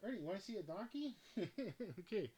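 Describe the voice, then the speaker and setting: This man has a high, slightly rough voice with a darkish tone, and he speaks briskly with big swings in pitch. He hosts a homemade sports news show, drifting off script at his laptop and gabbing to himself and his stuffed toys in loose commentary.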